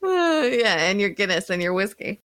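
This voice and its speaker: A woman co-hosts a casual podcast, reading out listener stories and laughing at her own jokes. Her voice is bright and sharp, and her pitch leaps around with lots of energy. The sound is dry and close, with no room behind her. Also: big pitch swings, moderate pace, no echo. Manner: playful, giggly, self-mocking. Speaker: podcast co-host.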